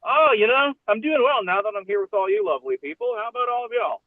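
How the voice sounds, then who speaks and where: A male guest in a casual chat, upbeat and lively, calling in over the phone. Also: very high-pitched, fast talker, vocal fry, no echo. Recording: tinny phone line.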